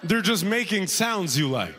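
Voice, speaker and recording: A man performing a stand-up comedy routine, animated and laughing at his own jokes. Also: sits high, a little slow, a crowd in the background. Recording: long hall reverb.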